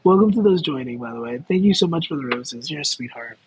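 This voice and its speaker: A man's voice: medium pitch, lively intonation, fast, highs cut off, a little hiss or hum. A man chatting casually on a livestream as a tarot card reader, rambling and restarting his sentences with lots of fillers and giggles. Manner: rambling and self-interrupting, with many fillers and giggles. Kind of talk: casual livestream chat with viewers.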